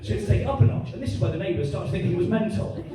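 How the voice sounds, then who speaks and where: A man's voice: sits high, rapid-fire, a loud crowd. A man performing a stand-up comedy routine, telling stories with heavy swearing to a live audience. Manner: animated storytelling, heavy swearing. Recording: echoey room, mic at a distance, audience noise.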